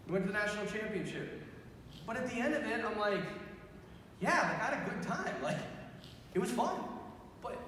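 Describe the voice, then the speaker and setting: A high-voiced young man gives an animated youth talk in a big school gym, acting out quoted voices as he tells his stories. His voice rings with heavy echo and a long reverb tail across the room. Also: slight background noise. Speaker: priest.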